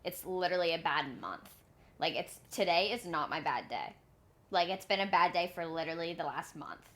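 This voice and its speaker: A woman's voice: on the low side, animated, normal speed, a bit bright. A woman in her twenties co-hosting a podcast, chatting casually in a blunt, self-mocking way with plenty of swearing. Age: 20s. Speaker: podcast co-host. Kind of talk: casual chat. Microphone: remote call.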